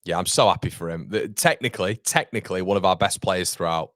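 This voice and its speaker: A man hosts a live football watchalong, talking through the match in a chatty, blunt way and swearing freely. His voice sits fairly low. The recording is dry and close, with little room sound. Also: fast talker, a bit bright, dry recording. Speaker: fan channel host.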